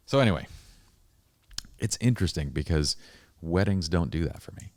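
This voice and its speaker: A man with an extremely low voice hosts a casual podcast chat, relaxed and slangy. The mic is close and dry, with no room sound. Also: normal speed, no echo. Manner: relaxed, slangy, says "dude". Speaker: podcast host.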